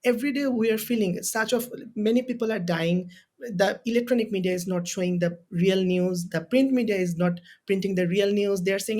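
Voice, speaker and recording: This young man's voice is high, fairly quick and a little mellow. A Bangladeshi university student whose first language is Bengali, he speaks with a Bangladeshi accent as a podcast interview guest, impassioned and emotional, repeating phrases for emphasis.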